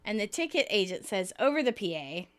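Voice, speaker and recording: A woman co-hosting a podcast, recapping an episode in casual chat, laughing often and reading quotes in lively voices. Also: medium pitch, brisk. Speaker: podcast co-host.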